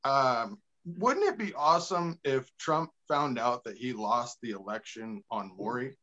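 A man's voice: mid-range voice, a little slow, bright, forceful tone. A man doing a stand-up set in a small bar, laughing at his own jokes and acting out voices. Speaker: stand-up comedian. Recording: dull lo-fi club recording.

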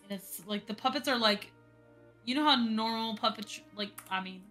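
A woman's voice: a little high, normal speed, bright, forceful tone, soft background music. A woman chatting casually on a live stream, rambling with lots of fillers.

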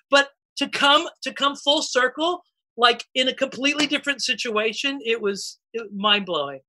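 A man's voice: extremely high pitch, moderate pace. A man, a voice actor, telling stories in casual chat and acting out the voices. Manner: animated, acts out quotes. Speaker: voice actor and stage performer.

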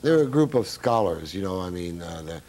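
A man with a gravelly, fried edge to a low voice, answering interview questions at length. He drifts into anecdotes with easy chatty fillers, the tone of a seasoned musician talking shop. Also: big pitch swings, brisk, darkish tone, a little hiss or hum. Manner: chatty anecdotes, frequent "you know" fillers, laughs at own stories. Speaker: jazz musician being interviewed. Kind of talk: casual interview storytelling.

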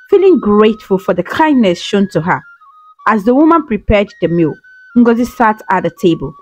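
A woman telling a folktale in steady, scripted storybook narration. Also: on the high side, muffled recording. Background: faint background music.

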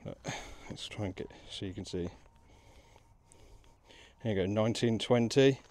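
A man with a Midlands accent, out of breath, chatting excitedly to the camera outdoors while metal detecting in a field. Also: fairly low pitch, measured pace. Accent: English Midlands. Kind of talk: casual outdoor commentary.

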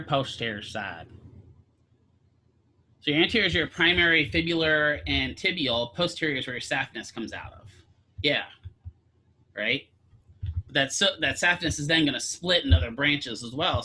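A man's voice: fairly high pitch, a little fast, pushed and bright. A man teaching a physical therapy class, lecturing casually, quizzing students and throwing in jokes. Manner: asks students questions, casual joking asides.

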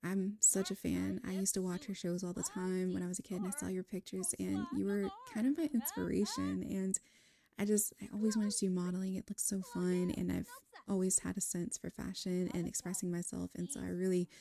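A woman's voice: mid-range voice, fairly even intonation, fairly quick, gravelly, warm tone, lightly acted. Woman doing a flustered young model, gushing. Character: nervous young woman model at a job interview.

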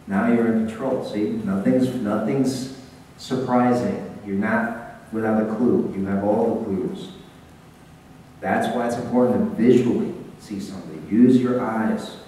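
A man giving a lively business seminar talk, speaking directly to his audience and pushing his voice out. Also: lowish voice, slow, slight background noise. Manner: animated, projecting, talks straight to the audience. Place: seminar hall. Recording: echoey hall, taped from far off.

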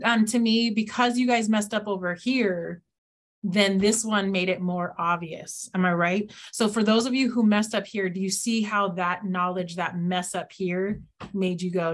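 A woman's voice: mid-range voice, steady tone, a little slow. A woman math teacher leading a live classroom lesson, playful and teasing, often acting out her students' reactions.

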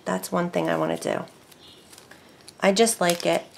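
A woman hosting a casual crafting tutorial, chatty and easily excited, talking to herself as she works. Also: on the low side, a little slow, gravelly. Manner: chatty, excitable, talks to herself while working. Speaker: craft video host.

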